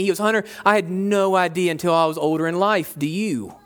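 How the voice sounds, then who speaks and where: High-voiced man preaching a sermon. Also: fairly quick, hardly any pauses, a bit bright, smooth. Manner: conversational preaching with repeated phrases. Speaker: pastor.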